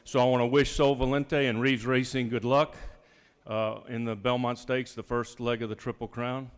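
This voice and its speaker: A man's voice: mid-range voice, flat delivery, moderate pace, clear, resonant tone. A man state senator, giving a brief, folksy floor speech. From Georgia. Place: large legislative chamber. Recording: reverberant chamber.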